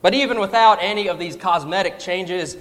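A young man preaching a sermon, telling a humorous personal story in an animated storytelling manner. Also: sits high, brisk, big-room sound.

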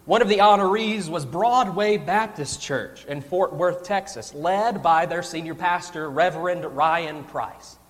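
A young man preaching a sermon, telling a humorous personal story in an animated storytelling manner. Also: high-pitched, measured pace, few pauses, long reverb tail.

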